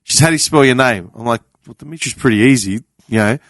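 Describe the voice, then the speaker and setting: An Australian man on a podcast panel, telling a story in a casual, animated way. He acts out the people in his story, swears casually and laughs often. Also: medium pitch, fast talker, no echo, clean studio sound.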